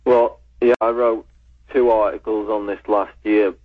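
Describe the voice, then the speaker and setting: Radio guest, man, low flat voice, steady explainer, dull lo-fi phone line. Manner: calm, measured explaining. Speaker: researcher and writer, guest. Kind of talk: call-in radio discussion.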